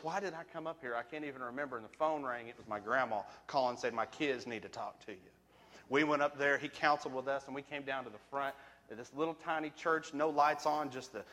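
Man preaching a testimony in a hall. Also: medium pitch. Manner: emphatic, swings from quiet to shouting. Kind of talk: testimony sermon. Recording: long reverb of a large hall.

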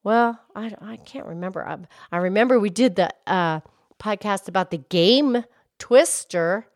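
A woman voicing a gentle, patient cow who cohosts a children's podcast. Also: mid-range voice, measured pace, no room sound, studio quality, close to an everyday voice. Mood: calm. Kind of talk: kids' podcast character play.

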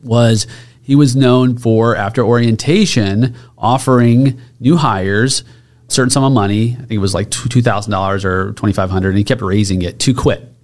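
A man's voice: medium pitch, steady tone, normal speed, darkish tone. A man hosting a podcast interview, making long reflective points in a conversational way. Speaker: podcast host.

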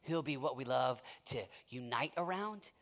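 Delivering an impassioned sermon, this man moves from almost shouting to intense quiet, weaving stories with rapid asides and performed quotations. He has a mid-range voice and lively intonation.

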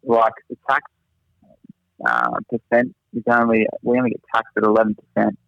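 Very animated and a bit creaky, this young teacher talks at a moderate pace in a voice on the low side. As a guest, he rambles through funny stories in casual chat and laughs at himself. No room sound is present, but the lo-fi audio is slightly dull.

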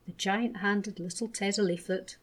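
A woman gently reading a children's bedtime story aloud as a storyteller. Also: medium pitch, steady tone, normal speed, slightly rough.

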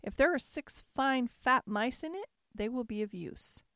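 A woman reading a storybook aloud, voicing a kindly, brisk little old fairy godmother who gives orders gently. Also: on the high side, lively intonation, dry recording, clean studio sound, pitched above the performer's own voice. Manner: gently commanding, quick to impatience.

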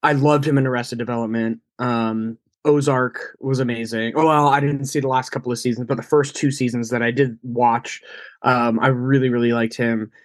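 A man's voice: mid-range voice, fairly even intonation, moderate pace, no room sound. A man in a casual movie review chat, speaking effusively with stumbling restarts. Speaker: podcast co-host.

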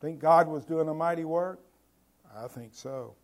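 A pastor preaches a sermon in a slightly high voice, speaking a little slowly. He poses rhetorical questions to the congregation and swings between loud, emphatic lines and quiet ones.

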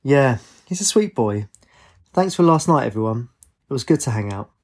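A man's voice: mid-range voice, expressive, moderate pace, a little mellow. A man voicing a wry young woman student.

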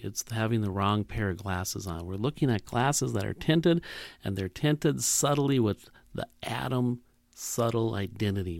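Male preacher, gravelly voice, dry close sound, reflective sermon delivery with rhetorical questions. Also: fairly low pitch, a little mellow, no room sound.

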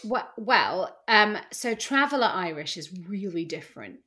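A woman's voice: medium pitch, animated, unhurried, sharp tone. A woman co-hosting a podcast in casual chat, chatty and self-deprecating. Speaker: podcast co-host.

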